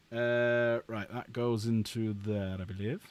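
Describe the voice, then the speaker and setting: A man hosting a casual live stream at his desk, joking, swearing and laughing often. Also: mid-range voice. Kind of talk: casual live-stream chat while building models.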